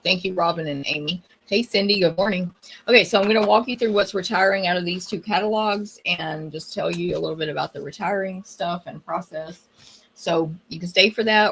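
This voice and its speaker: Craft demo host: a woman with a breathy, lowish voice, casual and a bit scattered. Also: fairly bright tone. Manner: chatty, scattered, often losing her train of thought. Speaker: craft supply demonstrator hosting a livestream. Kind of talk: casual live-stream chat.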